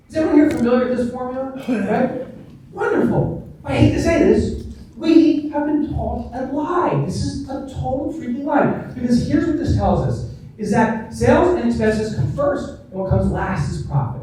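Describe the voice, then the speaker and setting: A man's voice: very high voice, background noise. A man giving a comedic keynote speech at a business event, joking and swearing freely. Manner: lively, joking, profane. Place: large event hall. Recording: echoey hall, distant mic.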